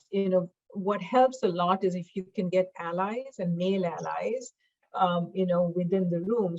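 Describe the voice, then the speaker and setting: Middle-aged woman guest, measured, muffled. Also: medium pitch, a little mellow. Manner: measured, many "you know" fillers. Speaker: podcast guest, diversity expert. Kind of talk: conversational interview.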